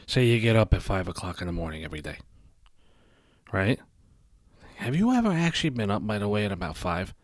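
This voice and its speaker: Low-voiced man ranting bluntly. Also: no echo, clean studio sound. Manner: blunt, emphatic, swears constantly. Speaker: podcast host. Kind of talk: profane solo podcast rant.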